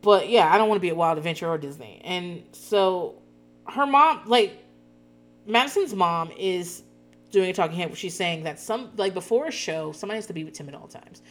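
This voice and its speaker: A woman in her thirties chatting casually as a podcast host, profane and quick to laugh. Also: fairly low pitch, lively intonation. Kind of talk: casual chat recapping a reality show.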